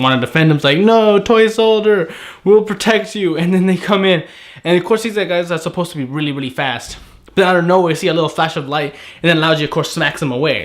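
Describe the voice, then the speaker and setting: A man with a slightly high voice reviews an anime episode in a loose, chatty way. He is animated and amused, laughs often and drops into short imitations of the characters. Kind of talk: casual solo review recap.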